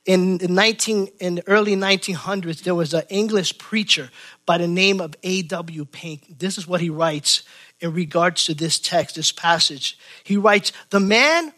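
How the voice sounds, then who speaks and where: Bright, high-voiced male preacher. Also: moderate pace. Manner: impassioned, repeats phrases, swings between loud and hushed. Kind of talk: sermon.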